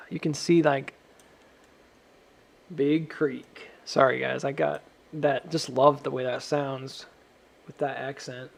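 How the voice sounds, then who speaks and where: A man's voice: mid-range voice, little pitch movement, slow pace, gravelly, pauses often. A man giving casual, rambling, self-mocking commentary while drawing lines on stock charts.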